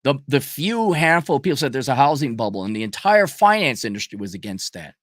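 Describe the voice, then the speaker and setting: A middle-aged man ranting in a profane, mocking monologue, often mimicking people in a high falsetto. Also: sing-song, a little fast, no room sound, studio quality. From United States. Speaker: channel host.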